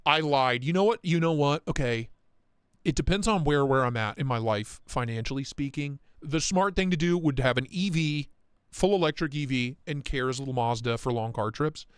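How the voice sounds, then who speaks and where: A man hosting a casual live stream, talking in excitable, profane, rambling rants. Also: a little high, moderate pace, smooth, dry recording, studio quality. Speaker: livestream host.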